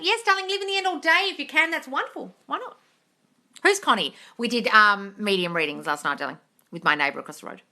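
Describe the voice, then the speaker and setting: A woman's voice: fairly high pitch, animated, quick pace, pushed and bright. A woman answering chat questions on a live stream, blunt and sweary, calling her viewers darling. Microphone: phone on a live stream.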